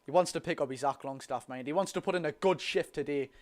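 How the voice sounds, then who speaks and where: A young man with a Geordie accent doing a live watch-along of a football match, chatty and excitable, talking to his viewers. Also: fairly high pitch, fast. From North East England. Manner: excitable, chatty, talks to the chat and the lads. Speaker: football fan streamer.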